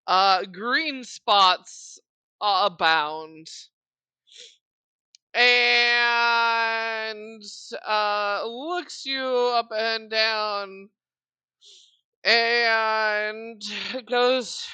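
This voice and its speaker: Bright, slow-talking woman game master. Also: on the high side, clear, resonant tone, no room sound. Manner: laughing, casual with fillers. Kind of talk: narrating a tabletop game.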